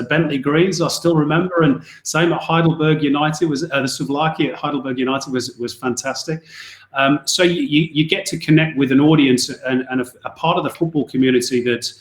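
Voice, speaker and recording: A man's voice: a little high, roomy sound. A middle-aged man from Northwest England, a football commentator telling anecdotes in a chatty podcast interview with frequent restarts.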